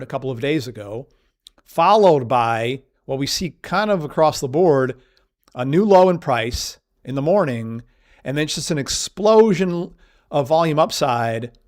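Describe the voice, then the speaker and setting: A man teaching stock market technical analysis, walking through charts and piling up vivid words for emphasis. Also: on the high side. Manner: emphatic, piles up vivid synonyms. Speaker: market educator. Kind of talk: chart walkthrough lesson.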